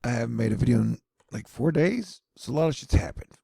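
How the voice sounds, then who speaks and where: A man's voice: mid-range voice, animated, quick pace, gravelly, warm tone, husky, no room sound. A man giving casual, rambling news commentary with sardonic, self-mocking asides.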